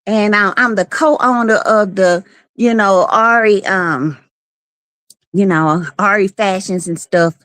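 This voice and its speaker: A woman's voice: medium pitch, slow, a bit bright, no room sound. A woman in casual live-stream chat, sassy and playful, teasing and greeting viewers by name.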